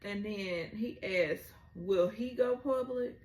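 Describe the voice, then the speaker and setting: Slow-talking emotional woman recapping a show. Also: medium pitch, darkish tone, echoey room. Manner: emotional, retelling scenes with rising exclamations. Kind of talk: casual episode recap.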